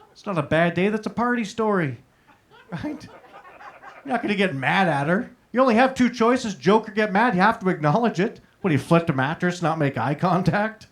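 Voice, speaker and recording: A male stand-up comic with a slightly high voice works a showroom crowd. He talks in a crude, chatty way, throwing questions at the audience. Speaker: stand-up comedian. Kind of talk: stand-up comedy set. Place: comedy showroom stage. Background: audience laughter.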